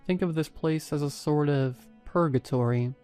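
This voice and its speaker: A man voicing a surly, ragged older French junkie in a horror story, with a French accent and a hushed, blunt way of talking. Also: a little high, normal speed, clear, resonant tone, soft background music, natural voice. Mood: blunt, ominous. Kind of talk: scripted narration.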